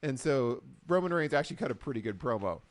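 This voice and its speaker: A man co-hosting a casual recap show, telling the story with lively acted-out quotes. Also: medium pitch, quick pace, slight background noise. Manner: animated storyteller, acts out quotes. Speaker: podcast co-host. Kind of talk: casual chat.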